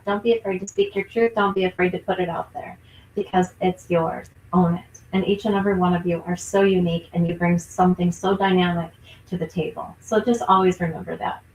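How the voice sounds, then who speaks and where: A bubbly, emphatic woman co-hosts a casual podcast in a slightly low voice. She sounds like she is in an echoey room, with a faint hiss of noise behind her. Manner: bubbly, emphatic, laughs often. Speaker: nurse coach and podcast co-host.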